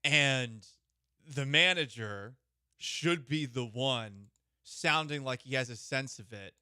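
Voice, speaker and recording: A man co-hosting sports talk radio who puts measured, probing questions to his partner. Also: mid-range voice, sharp tone, clear, resonant tone, no echo, studio quality.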